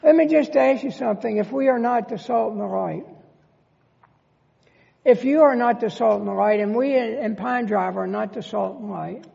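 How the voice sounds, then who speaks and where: A man's voice: very high-pitched, normal speed, vocal fry, a little mellow. A male pastor preaching a sermon in a church, emphatic and full of rhetorical questions. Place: church sanctuary. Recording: long church reverb, dull lo-fi sound.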